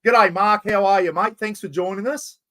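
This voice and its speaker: A man's voice: high voice, moderate pace, sharp tone. An Australian man hosting a casual live-stream chat, friendly and talkative, calling everyone mate. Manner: chatty, calls everyone mate. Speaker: host.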